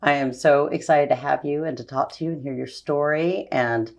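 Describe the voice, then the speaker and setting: Deep-voiced gushing woman host. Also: fairly even intonation, moderate pace, creaky. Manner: gushing, enthusiastic, many "like"s. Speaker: podcast host. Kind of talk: casual interview chat.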